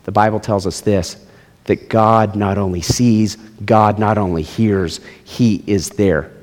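Animated middle-aged male preacher in a reverberant hall. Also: slow. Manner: animated preaching, swinging between loud high emphasis and low quiet drops. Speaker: pastor. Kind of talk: sermon.

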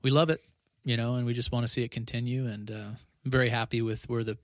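A man's voice: mid-range voice, flat delivery, fast, dry recording, clean studio sound. A man who is a pastor, talking earnestly in a casual podcast conversation, often restarting and adding 'you know'.

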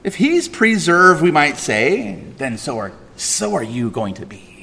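A male preacher with a lively, rising-and-falling voice that pitches a bit high at its loud, emphatic peaks. He drops to soft asides, full of fillers and restarts. His voice rings out with a long hall reverb. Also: unhurried, gravelly. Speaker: pastor. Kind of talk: sermon.

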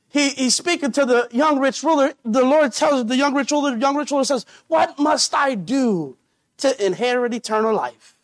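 A man preaching a sermon as pastor, earnest and slowly stretching out his key phrases. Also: extremely high pitch, vocal fry, dry recording.

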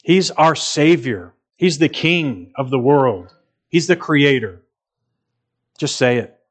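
A man's voice: mid-range voice, animated, takes it slowly. A man preaching a sermon in an earnest, emphatic way, repeating phrases for stress.

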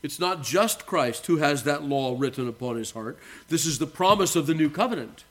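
A male pastor preaching a sermon to his congregation, earnest and emphatic, slowing down on key words and swinging between soft low asides and raised phrases. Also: expressive. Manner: addresses the congregation as beloved. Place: church.

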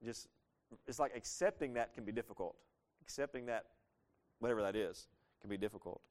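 A man preaching a sermon, lively and conversational, asking his listeners questions and acting out the lines he quotes. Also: fairly low pitch, fairly quick. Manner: animated, asks the congregation questions, acts out quoted lines. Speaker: pastor.

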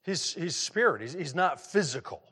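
A man's voice: on the high side, very animated, normal speed, sharp tone, slightly rough. A middle-aged man preaching a sermon in a conversational way, asking his listeners questions and often repeating words as he restarts. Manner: conversational, asks the audience questions. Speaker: pastor.

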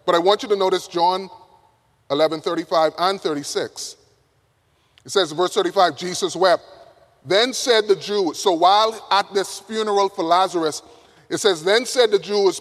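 A man preaching a sermon to college students, emphatic, swinging from loud to hushed. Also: high-pitched, normal speed. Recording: reverberant hall.

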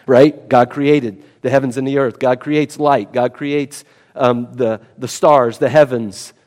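A man's voice: on the high side, a little mellow. A man preaching an expository sermon, emphatic and teaching, often repeating key words for weight. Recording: long hall reverb.

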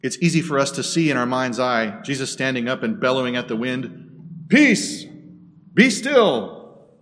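A man preaching a sermon, dropping to a hush and rising to loud bursts. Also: medium pitch, fairly even intonation, a little fast. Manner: dramatic swings between hushed and loud. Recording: echoey hall from a distance.

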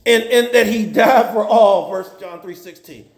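A man preaching a sermon, telling Bible stories in a lively, folksy and humorous way. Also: sits high, measured pace, hardly any pauses. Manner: animated, folksy storytelling with humor. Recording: roomy echo.

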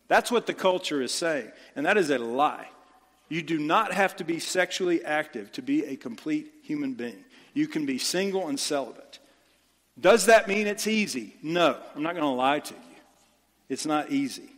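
Fired-up preacher man, echoing hall. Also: fairly high pitch. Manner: impassioned, emphatic, repeats phrases for stress. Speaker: pastor. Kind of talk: sermon.

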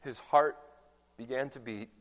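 Slow, dramatic male preacher in reverb. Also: mid-range voice, fairly even intonation. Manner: dramatic, swinging from hushed to loud proclamation. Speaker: pastor. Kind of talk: sermon. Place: large church hall. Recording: long church reverb.

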